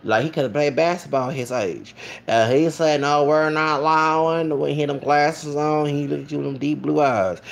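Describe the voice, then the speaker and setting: Gravelly man rambling on. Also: on the high side, moderate pace. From Texas. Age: late 30s. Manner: rambling, repetitive, keeps asking "okay?". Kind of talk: casual vlog monologue.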